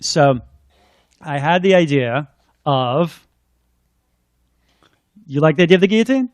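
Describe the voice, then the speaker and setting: A man's voice: fairly high pitch, animated, unhurried, dry recording. A man, a children's book author, chatting in rambling asides and then reading his picture book aloud.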